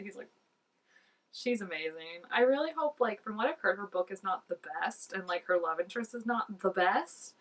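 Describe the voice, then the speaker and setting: A woman's voice: medium pitch, a little slow, pauses often, recorded from a distance, low-quality recording. Chatty woman reacting a bit off-mic. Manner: chatty and excitable, peppered with "like", drops to soft asides. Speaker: reaction video host. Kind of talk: casual reaction commentary.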